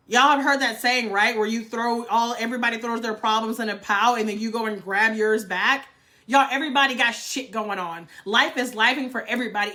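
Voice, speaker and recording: A woman's voice: on the high side, sharp tone. A woman, giving a blunt, fired-up motivational livestream talk and swearing freely. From North Carolina, US. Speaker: livestream host.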